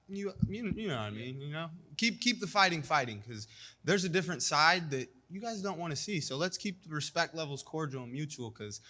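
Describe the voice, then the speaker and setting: Brief: young male fighter, brash and self-assured, crisp bright tone, casual post-fight interview. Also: on the high side, animated, a little fast. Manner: confident, cocky trash talk with frequent "you know".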